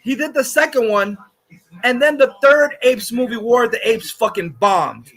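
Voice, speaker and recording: A man's voice: extremely high pitch, lively intonation, normal speed, a bit bright. A man hosting a livestream, ranting angrily and profanely and reading chat comments aloud. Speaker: livestream host. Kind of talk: angry livestream rant.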